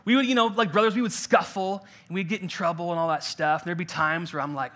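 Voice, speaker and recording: A man's voice: high-pitched, lively intonation, a little fast, pushed and bright. A young adult man preaching a conversational sermon, jokey and loose, with lots of filler words. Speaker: pastor. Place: church in-person gathering.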